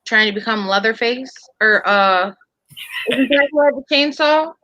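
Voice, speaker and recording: A lively woman chatting on a casual podcast, her voice fairly high and very bright. She tells stories with energy, swears freely and acts out the people she talks about. The sound is close and dry. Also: moderate pace, dry recording, muffled recording. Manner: animated storyteller, swears, acts out quotes loudly. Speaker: podcast co-host. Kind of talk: casual chat.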